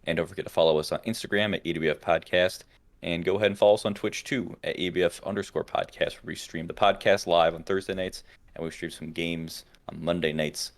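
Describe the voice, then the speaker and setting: A young man co-hosting a podcast, telling animated stories in casual chat and swearing often. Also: sits low, a little fast. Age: young adult. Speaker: podcast co-host.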